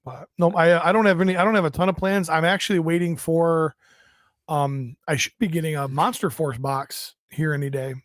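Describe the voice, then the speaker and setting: A man's voice: on the high side, steady tone, normal speed, no echo, studio quality. A man co-hosting a podcast, telling a rambling, self-deprecating story in casual chat. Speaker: podcast co-host.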